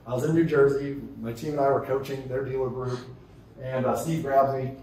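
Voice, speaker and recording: A man delivers a conference keynote at a brisk clip, tossing rhetorical questions to the crowd. His voice rings around a large, echoey hall. The mic sits some way off. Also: mid-range voice, recorded from a distance, a little hiss or hum. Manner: energetic, conversational, asks rhetorical questions. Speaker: keynote speaker.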